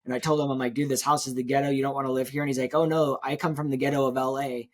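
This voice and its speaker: A man in an interview, rattling through a story from his real estate career at a quick clip. His voice sits at an average pitch for a man, and he slips into the people he quotes as he goes. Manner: fast, animated storytelling, acts out quotes. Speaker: real estate agent, guest.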